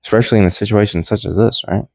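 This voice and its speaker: A man's voice: on the low side, steady tone, racing, vocal fry, darkish tone, dry recording. A young man rambling through a casual Bible commentary in slangy, laid-back speech full of restarts. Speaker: Bible study vlogger.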